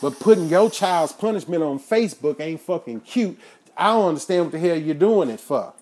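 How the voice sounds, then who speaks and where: A man with a somewhat high voice hosts a rant-style talk show. He swears constantly and preaches at his listeners. He builds to outright shouting when worked up. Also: lively intonation, moderate pace, slight background noise. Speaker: podcast host. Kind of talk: profane ranting monologue.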